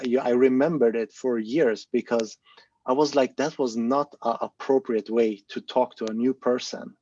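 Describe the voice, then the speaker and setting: A volunteer presenter leads an online discussion, explaining things casually over a muffled video call. His voice is medium-pitched, a little mellow, with a breathy edge. He sounds earnest and encouraging, thinking aloud with fillers as he goes.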